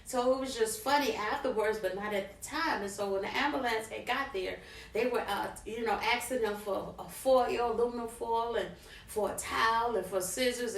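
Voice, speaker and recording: A middle-aged woman vlogger, an animated storyteller speaking straight to her viewers. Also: a little high. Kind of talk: personal story time. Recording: roomy, from a distance.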